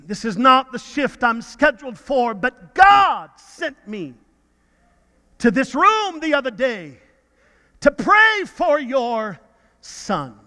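A woman's voice: high-pitched, takes it slowly, fairly bright tone, big-room sound, pitched above the performer's own voice. A man in a church sermon voicing a woman hospital cleaner who speaks urgently and emphatically.

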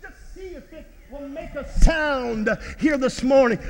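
A man's voice: very high-pitched, a little slow, hardly any pauses, in a large hall. A middle-aged man preaching a fervent sermon as pastor, repeating words and breaking into bits of song.

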